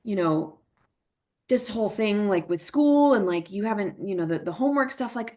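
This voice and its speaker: A woman's voice: medium pitch, lively intonation, normal speed, dark tone. Chatty woman leading a parent workshop. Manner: chatty, many fillers and tag questions; acts out emotions in quoted examples. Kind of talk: casual talk answering parent questions.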